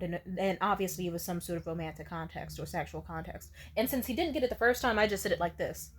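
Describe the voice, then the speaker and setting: A woman's voice: mid-range voice, fast talker, hardly any pauses. A young woman telling a story to camera in a blunt, profane, casual way, often laughing. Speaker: vlogger.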